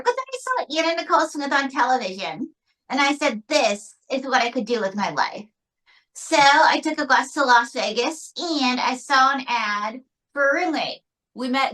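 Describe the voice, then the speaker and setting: A woman's voice: sits high, bright, forceful tone, voice pushed up, poor audio. A woman doing a ventriloquist act as a brash, self-important female sock puppet with a Pittsburgh accent. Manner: sassy, self-important, flirty.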